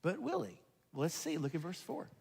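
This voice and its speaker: Animated preacher man, hall reverb. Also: on the high side, brisk, vocal fry, slightly rough. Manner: animated preaching, swinging from loud emphasis to hushed tones. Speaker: pastor. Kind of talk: sermon. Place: church sanctuary.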